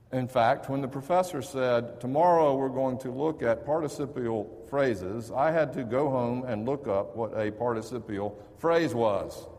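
A man's voice: mid-range voice, darkish tone. Man preaching in an echoing hall. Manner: storytelling, conversational with restarts. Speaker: pastor. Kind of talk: sermon. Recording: reverberant hall.

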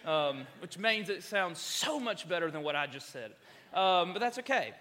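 Bright-voiced preacher, chatty. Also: male voice, sits high, very animated, moderate pace, long reverb tail. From South Carolina, US. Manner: chatty, humorous storytelling. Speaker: campus minister. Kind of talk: sermon.

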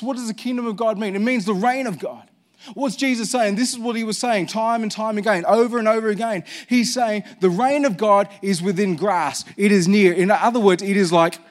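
A man preaching a sermon as senior pastor, conversational and full of rhetorical questions to the congregation. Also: high voice.

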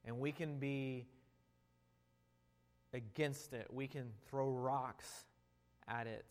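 Slow-preaching pastor in a reverberant hall. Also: male voice, medium pitch, fairly even intonation. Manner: slow, building to impassioned preaching, ending in quiet prayer. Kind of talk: sermon. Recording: long reverb of a large hall.

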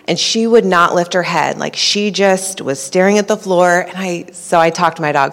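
A woman's voice: fairly low pitch, normal speed. Woman telling a church story, chatty, lots of "like", echoey hall. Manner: chatty, says "like" a lot. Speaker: church member sharing a testimony. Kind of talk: personal testimony.

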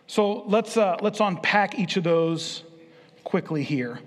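A man's voice: sits high, lively intonation, slow pace. A male pastor preaching a sermon in a church, playfully drawing the congregation in with questions and jokes. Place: church sanctuary. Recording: reverberant church hall.

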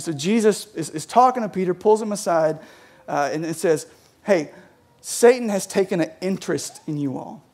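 High-voiced young man preaching casually. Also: darkish tone. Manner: chatty, peppers talk with "right?" and "like". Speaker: pastor. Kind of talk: casual conversational sermon. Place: church sanctuary.

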